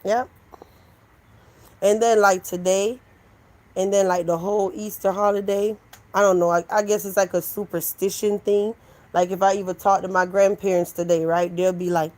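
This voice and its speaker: A woman hosts a live stream and talks casually with her audience. She is animated and conversational, and she answers their chat messages one after another. Her pitch sits in the middle range for a woman. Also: moderate pace, low-quality recording. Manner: animated, talks back to chat, switches into mocking voices.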